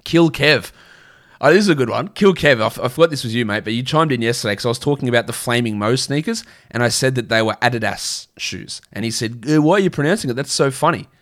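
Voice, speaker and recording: Australian man, livestream host, casual chat, blunt, chatty, middle-pitched voice. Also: fast talker, a bit bright. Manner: chatty, blunt, frequent restarts and fillers. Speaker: fantasy basketball livestream host. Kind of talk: casual livestream chat answering viewer questions.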